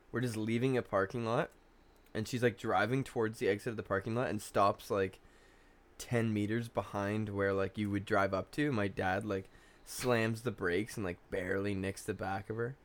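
A young man co-hosting a podcast in casual chat, rambling through his stories with plenty of "like" and swearing. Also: fairly low pitch. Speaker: podcast co-host.

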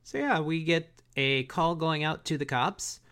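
A man's voice: a little high, unhurried, a bit bright, clean tone. A man co-hosting a podcast, recapping an episode in loose, slangy banter full of "like" and "bro". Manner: slangy, laughing, lots of "like" and "bro". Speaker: podcast co-host.

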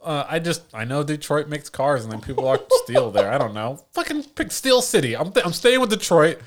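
Young male co-host, swears freely, self-deprecating, pitch swings up and down a lot. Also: sing-song, fairly quick, noisy background. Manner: profane, self-mocking, laughs often. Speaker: podcast co-host. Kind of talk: casual podcast banter.

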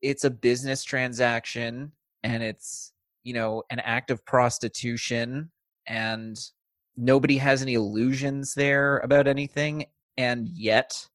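Podcast co-host, male, chatty and profane, close dry mic, mid pitch. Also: slow pace, dry recording. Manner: chatty, swears, laughs easily. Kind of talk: casual film discussion.

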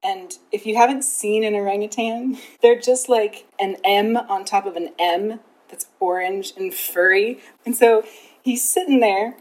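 A woman's voice: medium pitch, a little slow, a little mellow, poor audio. A woman, a former zookeeper, guesting on a casual podcast, giggly and rambling.

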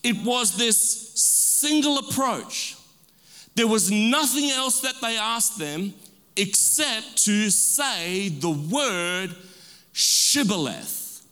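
A man's voice: sits high, expressive, sharp tone, clear, resonant tone. A man preaching a sermon as pastor, calling for amens and stretching out key words for emphasis. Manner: call-and-response preaching, drawn-out emphatic words. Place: church sanctuary. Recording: long reverb of a large hall.

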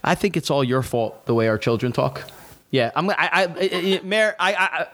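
A man's voice: fairly high pitch, animated, moderate pace, crowd noise. A man hosting a casual chat, stammering and restarting as he jokes. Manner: stammering, joking, restarts often.

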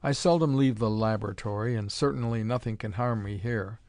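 A man's voice: lowish voice, a little fast, a little mellow, no echo, natural voice. A man voicing a mad, mocking male scientist with a cold, gloating manner, in a dry storybook reading.

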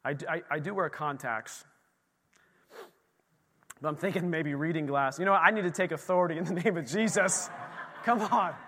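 Middle-aged guy preaching, animated and chatty, big echoey church hall. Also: a little high, moderate pace, pauses often. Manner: animated, conversational, acts out dialogue. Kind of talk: sermon. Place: church sanctuary. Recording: long hall reverb.

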